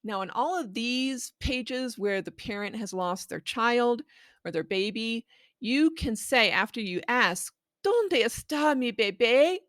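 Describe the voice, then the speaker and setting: Slow, patient woman explaining reading tips. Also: fairly high pitch, fairly bright tone, dry recording, clean studio sound. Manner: patient, explaining, models read-aloud phrases. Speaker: children's language book presenter. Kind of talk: instructional tips for reading aloud.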